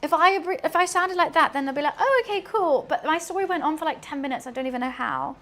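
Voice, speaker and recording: A young British woman streaming from her kitchen while she cooks, telling rambling, excitable stories and laughing often. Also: high-pitched, fast, slight background noise. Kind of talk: casual chat while cooking on a livestream.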